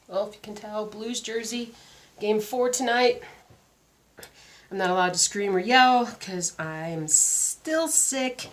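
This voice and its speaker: A woman's voice: mid-range voice, measured pace, fairly bright tone. A woman with a sore throat and a weak voice, chatting casually and rambling with lots of fillers as a craft vlogger. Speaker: cross stitch vlogger. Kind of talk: casual chat.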